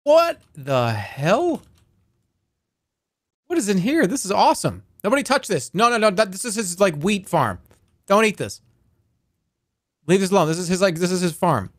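A man's voice: high-pitched, expressive, a little fast, fairly bright tone, no echo, studio quality. A man streaming a game live, rambling playfully and reading viewer messages aloud.

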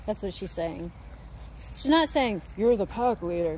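A woman's voice: mid-range voice, animated, a little slow, a little mellow, a little hiss or hum. A woman dog trainer giving casual commentary on two dogs at play, gushing and talking to them in a sing-song voice.

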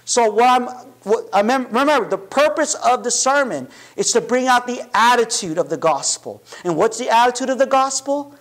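A man with a very high voice preaches a sermon in a loose, conversational way. He keeps checking in with his listeners and restarts sentences as he thinks aloud. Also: lively intonation, normal speed, hardly any pauses, a bit bright. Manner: conversational preaching, frequent "right?" and "you know" asides; restarts and self-corrections. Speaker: pastor.

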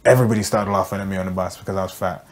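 A young man with a London accent and a low, steady voice tells comic stories very fast. His storytelling is full of slangy street talk, with "bruv" at every turn.

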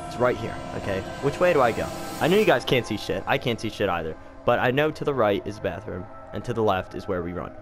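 Talking fast with hardly any pauses, a man with a fairly low voice narrates a horror game he's playing, swearing freely and joking out of nerves. It's casual let's play commentary on a desk mic, with soft music in the background.

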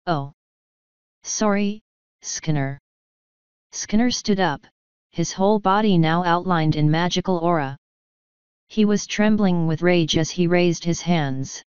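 A woman reading an audiobook in a measured, dry narration. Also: on the low side, a little mellow, clear, resonant tone, no echo, muffled recording. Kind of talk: scripted narration.

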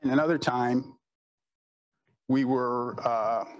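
A man's voice: medium pitch, fairly even intonation, slow pace, muffled recording. A man telling business anecdotes in a rambling, chatty way, leaning on "you know" and laughing at his own stories. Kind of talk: anecdotal storytelling talk.

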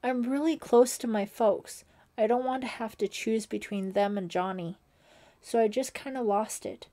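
A woman's voice: on the high side, normal speed, dark tone, natural voice. A woman voicing a tearful fifteen-year-old girl camper in an audiobook, emotional and pleading. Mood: upset.

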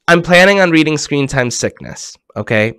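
A man hosting a children's program over a video call, talking animatedly and swinging between hushed and excited tones. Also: on the high side, moderate pace, smooth, no room sound.

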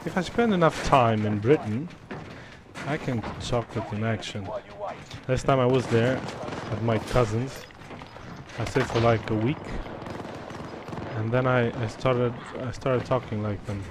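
A man's voice: medium pitch, unhurried, noisy background. A Romanian man streaming a shooter game, swearing and switching between English and Romanian. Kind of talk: live gameplay commentary. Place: home streaming setup. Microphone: desk microphone. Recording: loud game gunfire behind.

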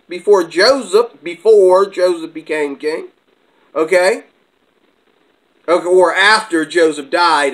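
A man with a fairly high voice rants to his viewers in a heated, combative way. He jumps between points, circles back, and presses each claim. At times he slows down and drops quieter. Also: low-quality recording. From America. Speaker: channel host. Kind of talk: heated vlog rant.

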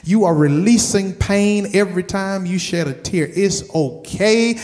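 High-voiced man preaching with emphatic repetition. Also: measured pace, darkish tone. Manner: emphatic, repeats words for stress; asks the congregation direct questions. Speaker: pastor. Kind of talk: sermon.

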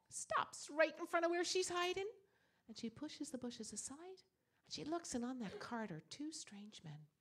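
A woman storyteller telling a folk tale in an animated, dramatic way. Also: mid-range voice, husky.

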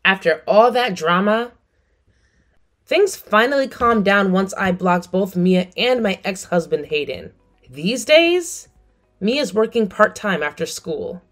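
A woman's voice: mid-range voice, animated, takes it slowly, soft background music. A middle-aged woman narrating her story and speaking coldly and firmly to her family. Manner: cold, firm. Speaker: narrator and mother.

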